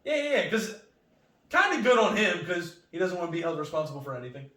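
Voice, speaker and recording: Brief: male comic guest, highish voice, spins a profane, lively yarn, echoey room, mic at a distance. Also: fast. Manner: animated, profane, acts out other people's lines. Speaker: comedian guest. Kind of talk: comedic storytelling on a podcast.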